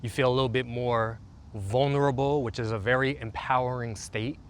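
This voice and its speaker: A man guiding a stretching and relaxation routine in a slow, soothing, calm way. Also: medium pitch, a little hiss or hum. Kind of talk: guided relaxation instruction.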